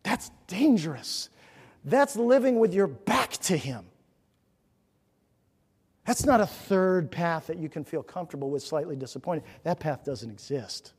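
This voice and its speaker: A man preaching a sermon as pastor, earnest and exhorting, with rhetorical questions, swinging from loud emphasis down to hushed near-whispers. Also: a little high, expressive, unhurried, slightly rough. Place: church sanctuary. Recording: reverberant church hall.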